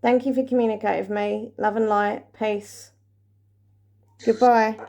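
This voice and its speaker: Nervous woman hushed on a ghost hunt. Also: medium pitch, steady tone, normal speed, gravelly. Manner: hushed, nervous, asking questions into the dark. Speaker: paranormal vlogger. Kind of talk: ghost-hunting session vlog.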